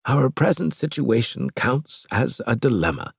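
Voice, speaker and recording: Man doing analytical professor, measured, reasoning, high and lively. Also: gravelly, slightly rough, no echo, studio quality, exaggerated voice. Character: analytical male professor, scheming.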